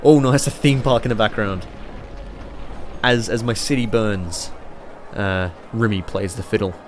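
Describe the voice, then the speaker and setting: A man rambling excitably and swearing freely as he chats casually over a city-building game. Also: fairly low pitch, a little slow, a little hiss or hum. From Australia. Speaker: YouTuber playing a city-builder.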